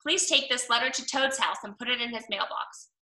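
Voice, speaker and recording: A woman's voice: fairly high pitch, brisk, bright, forceful tone. Woman doing a coaxing male frog, storybook, heard from a distance. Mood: kindly. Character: gentle fretful frog friend, male. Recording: roomy, mic at a distance.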